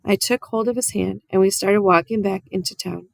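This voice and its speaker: Woman narrator, mid-range, close and dry, calm storybook read-aloud. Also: mid-range voice, moderate pace, creaky, dry recording. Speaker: audiobook reader.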